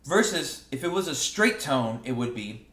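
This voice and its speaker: A man teaching saxophone in a relaxed, casual way, often stumbling over and repeating his words. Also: mid-range voice, normal speed. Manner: relaxed, explains with sung examples, repeats words. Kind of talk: casual music lesson. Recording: roomy echo.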